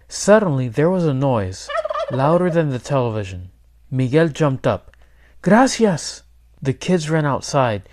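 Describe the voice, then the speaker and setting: A man, a teacher, reading a children's picture book aloud in clear, steady storytelling. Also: medium pitch. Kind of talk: children's read-aloud narration.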